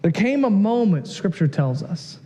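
A man in his thirties preaching a sermon in an animated, jokey way, often rising to a shout. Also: sits high, normal speed. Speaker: pastor.

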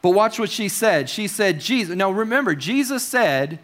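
A man's voice: sits high, animated, normal speed, few pauses, fairly bright tone. A man preaching a conversational sermon in a church service, asking his congregation questions and dropping wry asides.

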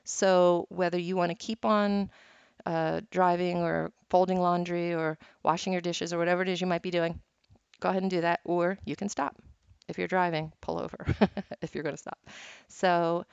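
Teaching on her meditation podcast, a woman tells stories, chats casually, and laughs a lot. Her creaky, smooth voice is lowish with a level tone at normal speed. There's no echo, though the recording sounds dull and lo-fi.

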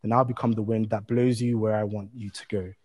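Loving mother bunny, storybook figure, calm and steady, man voicing her, long hall echo. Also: fairly low pitch, brisk, pitched below the performer's own voice, close to an everyday voice. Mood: reassuring. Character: patient loving mother bunny from a children's book.

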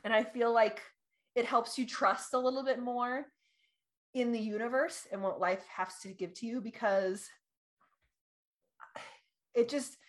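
A young adult woman co-hosting a casual chat, bubbly and animated, laughing often and acting out her own past reactions. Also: fairly high pitch, measured pace, pauses often.

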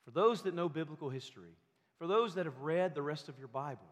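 Emphatic high-voiced preacher in a hall. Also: male voice, animated, fast talker. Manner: emphatic preaching, builds to loud peaks. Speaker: pastor. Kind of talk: sermon.

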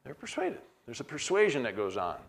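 A man's voice: medium pitch, wildly swooping pitch, brisk, gravelly. A man, middle-aged, teaching a Bible class in a conversational way, reading verses aloud with frequent restarts.

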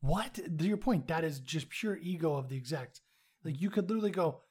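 A man's voice: a little high, animated, a little fast, darkish tone, slightly rough. A man co-hosting a casual podcast chat, laid-back and swearing casually as he brings up news items. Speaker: podcast co-host.

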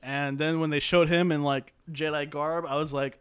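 A man's voice: a little high, little pitch movement, normal speed, smooth. A man co-hosting a podcast in casual chat, loose and joking, swearing freely. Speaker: podcast co-host.

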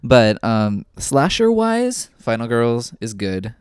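A man's voice: mid-range voice, big pitch swings, takes it slowly, clean tone, no room sound, studio quality. A man co-hosting a podcast in casual chat, rambling and enthusiastic, a little self-deprecating. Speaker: podcast co-host.

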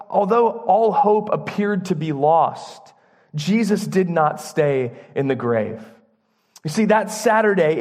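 A man preaching a sermon in church, earnest and emphatic, using dramatic pauses. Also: high voice. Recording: long church reverb.

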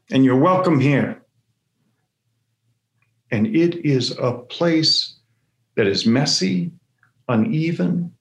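Guy preaching slow and halting, gravelly voice, repeats words a lot, roomy echo. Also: mid-range voice. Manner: halting, repeats words, animated acted-out asides. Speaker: speaker. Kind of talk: sermon-style storytelling talk.

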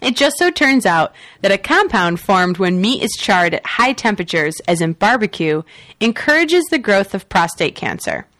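A woman's voice: mid-range voice, big pitch swings, normal speed, a bit bright, no room sound. Wry woman radio host reading news. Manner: wry, sarcastic, laughs with a cackle. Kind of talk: reading news items with opinionated asides.

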